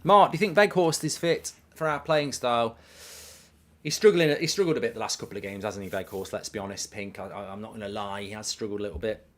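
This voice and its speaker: A man's voice: lowish voice, quick pace. A middle-aged man hosting a live football watchalong, chatting casually and reading out viewer messages. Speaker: host.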